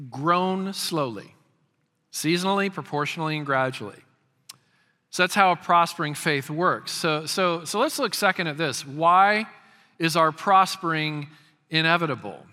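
Pastor in his 50s, fairly high bright voice, emphatic sermon, stutters into phrases, long hall echo. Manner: emphatic, repeats words when starting phrases.

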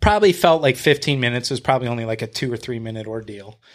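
A man's voice: mid-range voice, animated, fast. A man guest on a podcast, telling a story in casual chat, blunt and profane. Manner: blunt and profane, retelling a confrontation; talks to the host with fillers and restarts.

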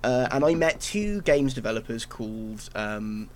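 A man co-hosting a casual gaming podcast, excitable, swearing and stumbling over his words. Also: medium pitch, measured pace. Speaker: podcast co-host.

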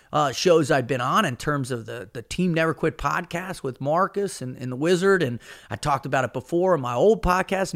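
Brief: middle-aged male podcast host, earnest and emphatic, slightly higher voice, solo motivational talk. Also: fairly bright tone. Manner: earnest, emphatic, says "man" often.

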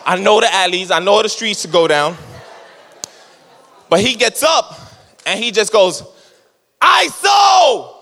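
A man preaching a sermon as a lively story, laughing often and acting out what people said. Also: high voice, unhurried, pauses often. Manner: animated, laughing storyteller who acts out quotes. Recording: long hall reverb.

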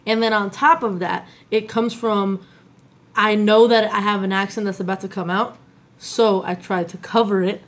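Animated woman with a slight New York accent. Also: medium pitch, normal speed. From Tampa, Florida. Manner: animated, swears freely. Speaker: podcast co-host. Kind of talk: casual chat.

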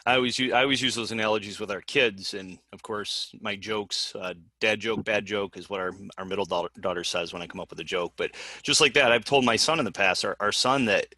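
Fast-talking man with a bright, dry voice. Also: fairly low pitch, dry recording. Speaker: podcast co-host. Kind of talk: casual interview chat.

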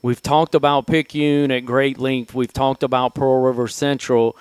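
Easygoing male host of a sports talk show, smooth voice, dry close sound. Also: mid-range voice, level tone, moderate pace, a little mellow, dry recording. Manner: easygoing, leading the discussion.

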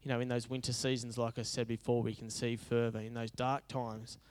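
A man's voice: mid-range voice, little pitch movement, brisk, a little mellow, clear, resonant tone. A male pastor preaching a conversational, humorous sermon that builds into emphatic repetition.

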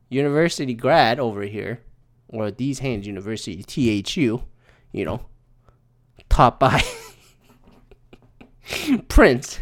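A man's voice: fairly high pitch, sing-song, normal speed, pauses often, fairly bright tone. A man from Philadelphia hosting a solo podcast, ranting profanely and animatedly and laughing between thoughts. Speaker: podcast host.

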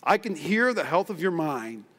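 A male pastor preaching a lively, humorous sermon in a church, acting out the quoted voices of everyday people. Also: fairly high pitch, moderate pace. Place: church sanctuary. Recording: long hall reverb in a church.

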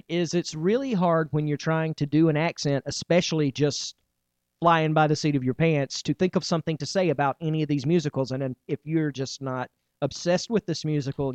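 A man hosting a casual comedy podcast, chatty and quick to laugh. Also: a little high, steady tone, darkish tone, no room sound. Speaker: podcast host.

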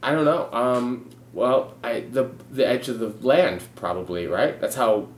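A young man in casual comedic chat, spinning deadpan absurd tangents. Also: medium pitch, a little slow, slight background noise. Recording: roomy echo.

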